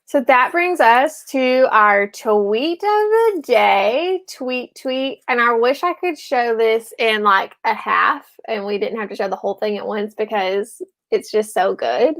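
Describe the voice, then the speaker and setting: A woman co-hosting a casual live show, chatty and full of ums and quick laughs. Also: fairly high pitch, animated, fairly bright tone. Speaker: co-host.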